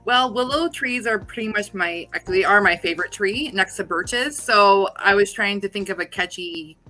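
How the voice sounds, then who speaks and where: A woman's voice: medium pitch, moderate pace, sharp tone, soft background music. A woman from Canada, a guest talking casually about her paranormal channel. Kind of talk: casual interview chat.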